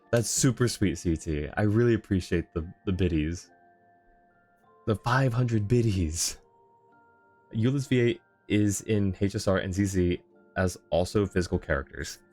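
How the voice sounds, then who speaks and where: A man with a lowish voice talks casually on a live stream as he plays. He gushes thanks at viewers and laughs easily. Faint game music runs underneath. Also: animated, moderate pace, darkish tone. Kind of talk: casual live-stream chat while gaming.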